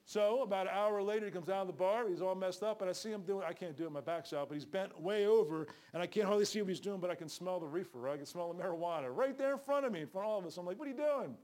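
A man's voice: high-pitched, quick pace, a little mellow. A middle-aged man preaching a fervent sermon, calling for amens and acting out the people in his stories. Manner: fervent, calls for amens, acts out quoted people. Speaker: street preacher.

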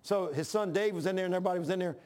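A man's voice: high-pitched, racing, darkish tone. An older man preaching a sermon, mixing scripture with folksy, plain-spoken stories. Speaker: pastor.

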